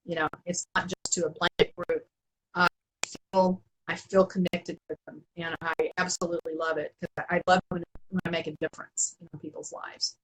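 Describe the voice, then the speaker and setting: A middle-aged woman telling stories as an interview guest, animated and laughing often, with many restarts. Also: lowish voice, normal speed, breathy edge, low-quality recording. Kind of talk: casual storytelling in an interview.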